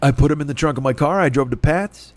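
Man from Chicago, high voice, profane exasperated storytelling, casual podcast rant, dry close sound. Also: quick pace, dry recording. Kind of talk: casual ranting monologue.

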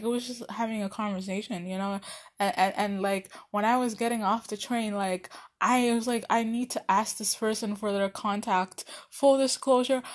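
A young woman casually telling a personal story, chatty and animated, with many fillers and restarts. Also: a little high. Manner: animated, laughs often.

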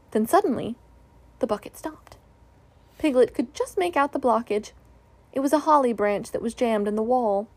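Woman reading a storybook, gravelly voice. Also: on the high side. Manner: gentle, measured reading. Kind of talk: storybook narration.

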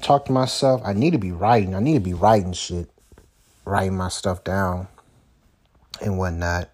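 A man's voice: sits low, moderate pace, darkish tone. A man hosting his own solo podcast, talking loosely and rambling with lots of fillers like "you know" and "man". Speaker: podcast host. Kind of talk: solo casual podcast chat.

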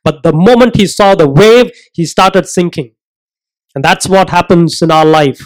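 A man preaching a sermon, earnest and emphatic, asking rhetorical questions and slowing down to stress his points. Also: high-pitched, rough recording.

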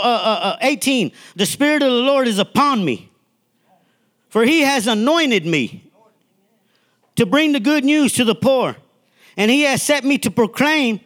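High-voiced preacher, emphatic and repetitive. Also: male voice, a bit bright. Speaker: minister. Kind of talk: sermon.

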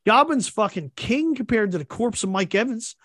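A man's voice: high voice, lively intonation, normal speed, a bit bright, no echo, studio quality. A man hosting a podcast, talking in a casual, profane way and acting out other people's chat messages. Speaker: podcast host. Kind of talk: casual fantasy sports chat.

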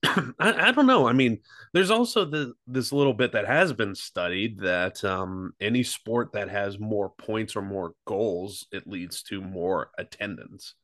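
Lowish-voiced man chatting on a podcast. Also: unhurried, a bit bright, no echo, studio quality. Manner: rambling, loose delivery with many fillers and restarts; swears freely. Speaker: podcast co-host. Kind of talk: casual chat.

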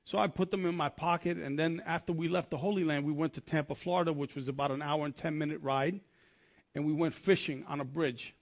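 A man's voice: a little high, fairly even intonation, brisk. A man preaching a sermon, telling his testimony in an earnest, conversational way and often restarting his sentences.

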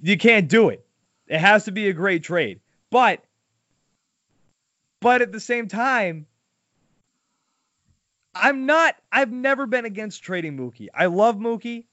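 A man's voice: high voice, expressive, a little slow, long pauses, sharp tone, no room sound. A man hosting a podcast in casual, opinionated sports chat, talking emphatically. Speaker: podcast host. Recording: dull lo-fi dry sound.

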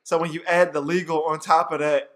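A podcast host chatting casually, with a relaxed, teasing manner. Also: mid-range voice. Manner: relaxed, quick to laugh, teasing. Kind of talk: casual chat.

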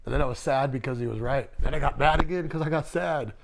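A man from Las Vegas, a tattoo artist, telling stories in a casual, animated, profane way. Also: medium pitch, quick pace, vocal fry, background noise. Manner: animated, profane, acts out quotes. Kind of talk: casual storytelling.

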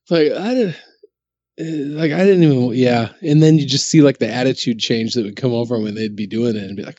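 A man's voice: mid-range voice, fairly quick, warm tone, no room sound, dull audio. A man in casual chat, laid-back and profane, laughing along.

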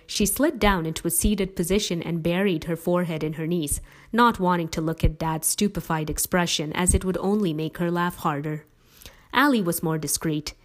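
A woman narrating a family story aloud in a lively, expressive reading. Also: on the low side, moderate pace.

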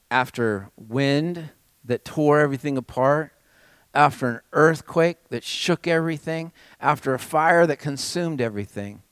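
A man preaching a sermon as pastor, with dramatic swings between raised passages and hushed, almost whispered lines. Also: on the high side, unhurried, clean tone, no echo.

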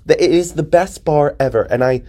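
Young adult man, New Jersey accent, comedic podcast host; hyperbolic, profane, animated delivery. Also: a little high, brisk. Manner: animated, profane, hyperbolic ranting with frequent laughs. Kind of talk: casual comedic monologue. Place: parents' basement.

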